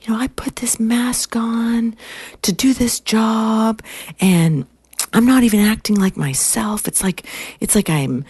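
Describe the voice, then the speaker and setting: A woman's voice: sits low, moderate pace, darkish tone, breathy edge, dry recording. A woman putting on a sobbing young office worker, whispered role-play. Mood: distraught. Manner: choked, self-doubting outbursts. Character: frazzled young woman sobbing over a promotion. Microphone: phone. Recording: dry phone recording.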